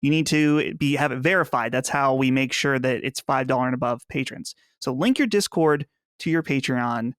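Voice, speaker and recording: A man's voice: mid-range voice, moderate pace, hardly any pauses, fairly bright tone, smooth, no room sound, studio quality. A man co-hosting a podcast, talking in an earnest, rambling, mock-solemn way. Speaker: podcast co-host. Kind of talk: casual chat.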